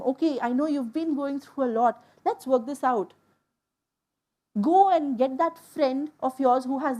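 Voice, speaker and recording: A woman from India telling a personal story to an audience, in an emotional, animated way. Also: high voice. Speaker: speaker. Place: stage before an audience.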